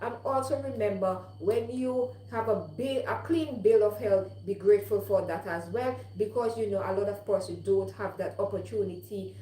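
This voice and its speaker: A woman's voice: mid-range voice, moderate pace, few pauses, mellow. A middle-aged woman giving earnest, repetitive life advice in a live-streamed motivational talk, with frequent fillers. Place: home in London. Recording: echoey room.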